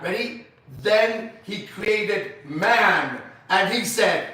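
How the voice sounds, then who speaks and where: A man's voice: sits high, expressive, very slow, pushed and bright. A man preaching to a men's group, blunt and emphatic, repeating phrases for stress. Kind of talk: sermon-style teaching. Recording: very echoey room, voice far from mic.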